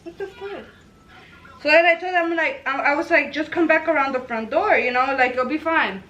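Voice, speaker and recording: A young woman in a casual storytime vlog, her voice high and bright. She tells the tale in an animated, loose way, swears without a second thought and slips into quoted lines as she goes. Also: a little fast, lo-fi sound. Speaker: storytelling vlogger.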